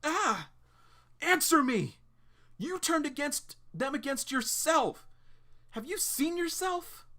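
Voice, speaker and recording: A man voicing a violent, domineering teenage boy who screams his lines in a strained, high-pitched voice. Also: big pitch swings, takes it slowly, long pauses, bright, forceful tone, heavily acted. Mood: furious.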